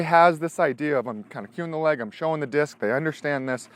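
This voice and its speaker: A man's voice: on the high side, fairly quick. A man teaching dog disc tricks in a casual, encouraging demo, mixing explanation with praise and commands to his dog. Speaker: dog trainer.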